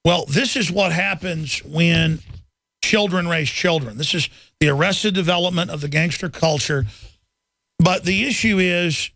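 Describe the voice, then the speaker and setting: Gravelly, high-pitched ranting radio host. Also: male voice, a bit bright, no echo. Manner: rapid, intense ranting, mocking officials in sing-song voices. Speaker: radio talk show host. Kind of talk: talk radio monologue.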